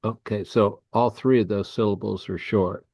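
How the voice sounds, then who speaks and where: A man's voice: fairly low pitch, steady tone, moderate pace, vocal fry, darkish tone, no echo. A man asking the teacher careful questions about stress during an online class. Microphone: video call. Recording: dull lo-fi call audio.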